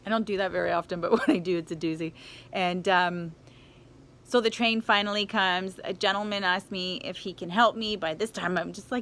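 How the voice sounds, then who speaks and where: A woman's voice: on the low side, fairly even intonation, moderate pace, a bit bright. A woman telling a personal travel story, laughing often and acting out the people she quotes.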